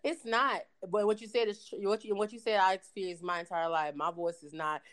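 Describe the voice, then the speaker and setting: A man's voice: high-pitched, steady tone, a little fast, fairly bright tone, smooth. A man in a heated panel debate who halts and repeats words before pushing his point.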